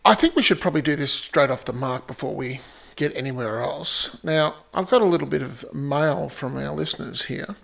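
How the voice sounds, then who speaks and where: A man's voice: fairly high pitch, normal speed, vocal fry, a bit bright. A man co-hosting a movie podcast in casual chat, dry and teasing, with many ums and restarts. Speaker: podcast co-host.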